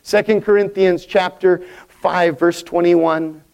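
A man's voice: sits high, fairly even intonation, slow pace, creaky, darkish tone, muffled recording. A male pastor preaching a sermon, building emphatic crescendos and calling for congregation responses.

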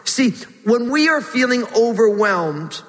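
A pastor gives an earnest sermon in a high, ringing voice. His tone rises into pleading whenever he voices a prayer. The sound carries a long reverb, as if recorded in a large hall. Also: sing-song, a little slow, fairly bright tone. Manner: earnest preaching, rising to a pleading pitch when voicing prayers.

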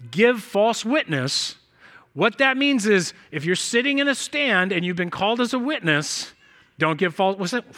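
A male pastor delivers a sermon in a chatty, storytelling way, slipping into quick snatches of acted-out dialogue. His voice sits high for a man and sounds bright. It is preached in a church.

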